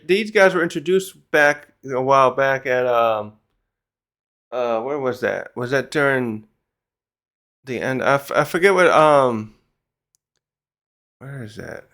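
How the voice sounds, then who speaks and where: A man's voice: medium pitch, fairly bright tone. A man giving a casual manga chapter review who rambles, gets sidetracked and swears casually.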